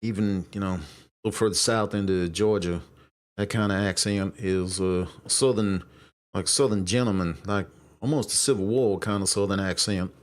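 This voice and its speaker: Rambling New man, fairly low voice. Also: moderate pace. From Brooklyn, New York. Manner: rambling, swears, apologizes, loses his train of thought. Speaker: streamer host. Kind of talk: casual live-stream chat.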